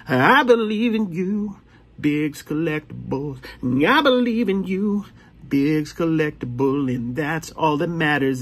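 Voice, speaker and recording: A man hosting a podcast who gives casual, joking shoutouts and rambles as he cheers his listeners on. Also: a little high. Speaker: podcast host.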